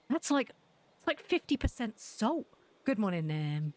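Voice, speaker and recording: A woman's voice: fairly high pitch, sing-song, unhurried, darkish tone, no echo. A woman, a streamer telling a laughing, sweary story while playing a game. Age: 40s. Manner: laughing, swearing anecdote teller.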